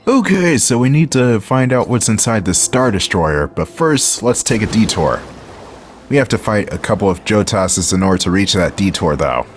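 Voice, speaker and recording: A man with a Philadelphia accent chats through a game in a casual, wry way, his low voice sitting over faint game music. He jokes to himself and curses now and then. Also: lively intonation, moderate pace. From Philadelphia area. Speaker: let's-play host. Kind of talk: casual gameplay commentary.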